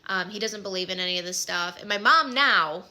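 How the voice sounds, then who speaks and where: Midwestern woman, 30s, casual chatty storyteller, sharp bright voice, loose with fillers. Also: medium pitch, a little fast. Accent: Midwestern American.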